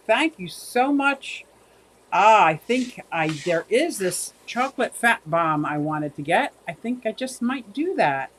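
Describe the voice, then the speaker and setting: A woman's voice: fairly high pitch, a bit bright. A woman hosting a casual livestream, chatting with viewers in a rambling way and thanking them by name. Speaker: livestream host.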